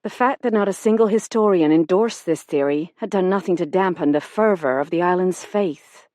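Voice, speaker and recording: A woman's voice: lowish voice, moderate pace, a little mellow, no room sound, studio quality. Woman narrating a mystery audiobook. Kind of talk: first-person scripted narration.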